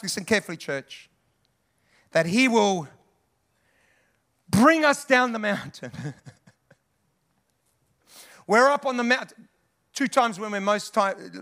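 Bright, high-voiced male preacher. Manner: animated, conversational preaching with asides to the congregation. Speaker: pastor. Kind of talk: sermon.

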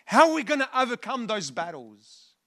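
A man preaches a sermon to a church congregation. His voice sits high for a man and rings bright. He often restarts phrases and calls out for the congregation's response. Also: big pitch swings, moderate pace. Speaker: pastor.

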